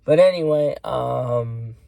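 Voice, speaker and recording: A man in a casual vlog rant, talking at an ordinary middle pitch. He rambles and swears freely, filling every pause with "you know". The sound is dry and close, with no room echo. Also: gravelly, warm tone. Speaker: vlogger.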